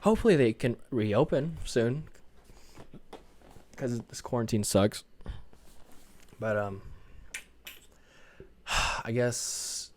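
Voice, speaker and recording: A young man with a mid-range voice hosts a casual solo podcast from his room at home, with his parents down the hallway. He speaks slowly with long pauses, rambling and hesitant, full of fillers and restarts, and self-consciously says his voice sounds monotone. There's slight background noise.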